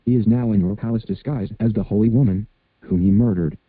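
A man's voice: fairly low pitch, fairly quick, dry recording, lightly acted. A man voicing an enraged male genie of the lamp, scolding with wrath, on a dry, phone-like recording. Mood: wrathful. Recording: dry, phone-like narrow sound.

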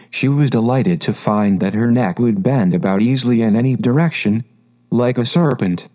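Mellow male storybook narrator. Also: medium pitch. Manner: calm, measured reading.

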